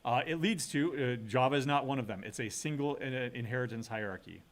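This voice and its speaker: Middle-aged man, mid-pitched, casual university lecturer, chatty and thinking aloud, leans on "right?". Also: brisk, a little hiss or hum. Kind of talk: recorded classroom lecture.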